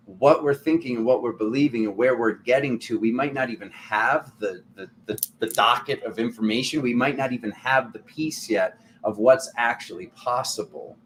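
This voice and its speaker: A man's voice: mid-range voice, normal speed, slight background noise. Rambling man with a spiritual-talk manner. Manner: rambling, animated, with many restarts and fillers. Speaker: tarot channel host.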